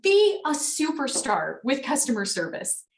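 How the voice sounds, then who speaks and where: A woman in her thirties leads a motivational sales team call, chatty and frank with an encouraging push. Her voice sits a bit high. She sounds distant from the mic, in a room with a lot of echo. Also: sing-song, measured pace.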